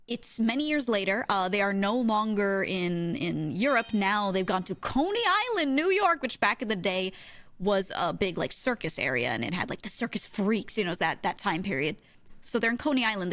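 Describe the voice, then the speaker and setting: A woman streamer in casual chat, animated and giggly, often breaking into exclamations and laughter. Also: mid-range voice, no echo.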